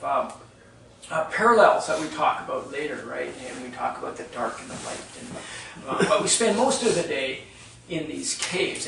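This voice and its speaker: A man's voice: medium pitch, vocal fry, distant mic, noisy background. A man leading a workshop, telling a story to a live audience in a conversational way and often checking in with "right?". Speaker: workshop leader. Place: retreat meeting room with live audience. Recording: echoey room, speaker off-mic.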